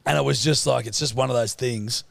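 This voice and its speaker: Gravelly young Australian man telling stories. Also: mid-range voice, a little fast, background noise. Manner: laughing storyteller, swears freely. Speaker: podcast co-host. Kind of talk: casual chat.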